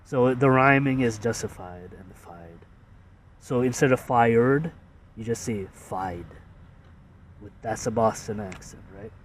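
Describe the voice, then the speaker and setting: Man, slow and rambling, walking through his ads with lots of restarts; mic set back, faint street noise. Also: medium pitch, far from the mic. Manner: halting, repetitive, full of fillers and restarts. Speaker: creator explaining his own ads. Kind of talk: casual rambling explanation.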